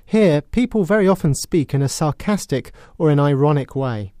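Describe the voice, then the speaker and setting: Measured British man teaching English. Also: a little high, animated, dark tone, dry recording, clean studio sound. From Britain. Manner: clear, measured, explanatory, with acted sarcastic example lines. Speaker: English teacher presenting a lesson. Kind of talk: scripted educational narration.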